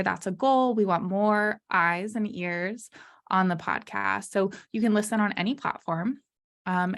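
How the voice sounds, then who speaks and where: A young adult woman hosting her podcast alone, talking casually and candidly, with lots of fillers, and laughing her way through hard topics. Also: mid-range voice. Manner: chatty, many fillers like "you know" and "um". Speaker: podcast host. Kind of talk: solo podcast monologue.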